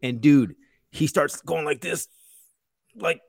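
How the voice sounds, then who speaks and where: A man's voice: a little high, slow, vocal fry, darkish tone, dry recording, studio quality. A man in his thirties, a chef, telling stories in a loose, casual way with lots of "like" and "you know" and some swearing. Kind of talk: casual storytelling chat.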